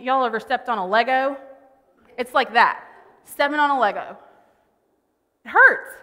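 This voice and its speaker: A woman speaks from a church stage, telling a story from home in a loose, conversational way. Her voice sits a little high and sounds bright. The big room gives it a long reverb tail. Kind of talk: sermon. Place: church auditorium.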